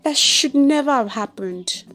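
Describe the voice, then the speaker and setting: A woman's voice: sits high, lively intonation, unhurried, fairly bright tone, soft background music, voice pushed up. Mary, a purring temptress, voiced by a woman. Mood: sultry. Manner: sultry, purring.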